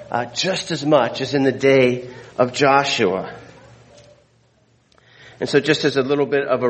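A man's voice: medium pitch, a bit bright, poor audio. A male pastor retelling a scripture story in a conversational sermon, with frequent fillers and restarts.

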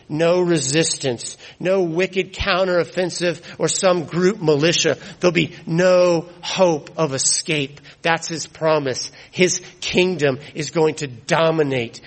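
A man preaching a sermon, emphatic, repeating key phrases and dropping to hushed tones for weight. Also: a little high, low-quality recording.

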